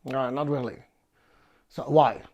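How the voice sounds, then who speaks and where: A man from France with a French accent, hosting a bonsai video in a playful, halting way with many fillers. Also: medium pitch, steady tone, darkish tone, highs cut off. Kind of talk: casual presentation.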